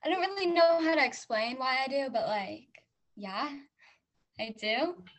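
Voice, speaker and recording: Hesitant woman, slightly high voice. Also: lively intonation, a little slow, fairly bright tone. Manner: hesitant, self-conscious, trailing off. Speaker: podcast co-host. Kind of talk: casual chat.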